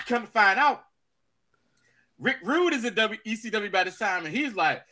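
A man co-hosts a casual podcast chat, his voice sitting high and sounding bright. He tells a long story with energy and acts out each quote in raised, put-on voices. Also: expressive, moderate pace, long pauses. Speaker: podcast co-host.

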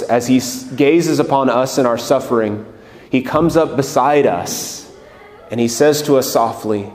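A man preaching a gentle, earnest homily as a priest, leading his congregation into prayer. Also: medium pitch, slight background noise. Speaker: Catholic priest. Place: large church. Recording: echoey church, long reverb.

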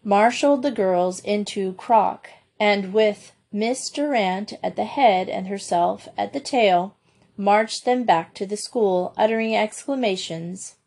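Woman, storybook narrator, unhurried, measured, expressive, mid-pitched. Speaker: audiobook narrator. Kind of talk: storybook reading.

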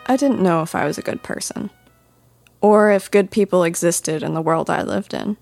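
Low-voiced woman narrating a fantasy audiobook. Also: a little mellow, dry recording.

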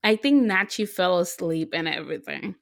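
A young woman co-hosting a podcast, telling a story in a casual, excitable way, full of fillers and restarts. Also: lowish voice, moderate pace, vocal fry. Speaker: podcast co-host. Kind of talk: casual chat.

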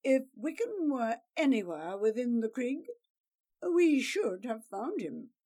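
A gruff, loyal guard captain speaks slowly and deliberately, his words weighed out one by one. He is stern and scolding, with a lively, rising and falling delivery, as a woman puts him on while reading. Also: fairly high pitch, full character voice. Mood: grave.

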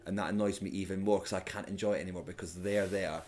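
Scottish comedian guest, lowish voice, casual storytelling with sudden shouted impressions. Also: male voice, fast, slight background noise. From Scotland. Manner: animated storyteller, mimics hecklers with loud sudden shouts. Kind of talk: casual podcast chat.

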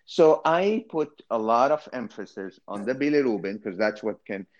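A man's voice: medium pitch, lively intonation, normal speed, a little mellow, dull audio. A man, a kidney cancer specialist, talking through an expert panel discussion with many fillers and restarts.

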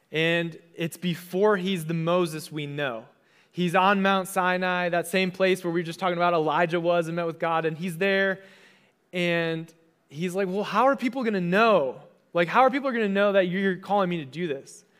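A man's voice: high voice, a bit bright. A young adult man, a pastor, giving a conversational sermon and casually acting out the voices he quotes.

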